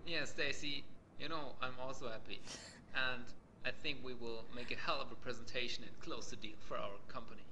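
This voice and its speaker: A man's voice: mid-range voice, fairly even intonation, brisk, background noise, natural voice. A man voicing a male businessman character in a game, with plain, scripted delivery. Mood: casual. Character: gloomy male businessman colleague.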